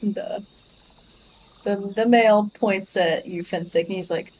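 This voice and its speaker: A woman narrating as game master in a tabletop game, unhurried and halting. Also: medium pitch, darkish tone, slight background noise, poor audio.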